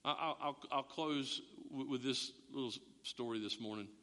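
A middle-aged man preaching a sermon as a pastor, animated, acting out voices and often restarting his words. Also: medium pitch, moderate pace. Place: church sanctuary. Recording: long reverb of a church hall.

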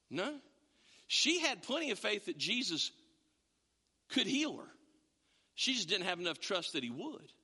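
Animated preaching man in a reverberant hall. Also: high-pitched, measured pace, long pauses, breathy edge. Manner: animated, conversational preaching with repeated restarts. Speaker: pastor. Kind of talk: sermon.

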